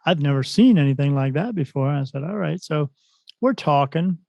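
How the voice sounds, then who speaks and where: In a slightly high, gravelly voice at a normal speed, a man who works as a spirit medium shares a story on a podcast, casually and animatedly acting out what others said. The audio has no echo and sounds dull.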